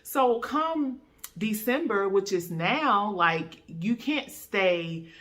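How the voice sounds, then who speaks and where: A young woman with a North Carolina accent talking casually to the camera in a sit-down vlog, chatty and relaxed, calling her viewers y'all. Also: mid-range voice, drawn-out words. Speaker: YouTuber, travel x-ray tech.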